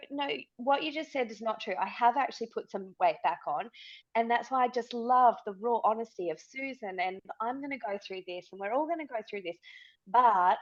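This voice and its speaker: A woman's voice: on the high side, highs cut off. A woman on a video call sharing her story earnestly and emotionally, cursing now and then. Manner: emotional, earnest, swears freely. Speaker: program participant.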